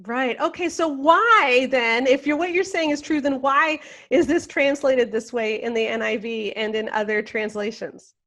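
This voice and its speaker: A woman's voice: high voice, moderate pace, a bit bright. A woman hosting a podcast, asking clarifying questions and restating points plainly. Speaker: podcast host. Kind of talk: podcast interview.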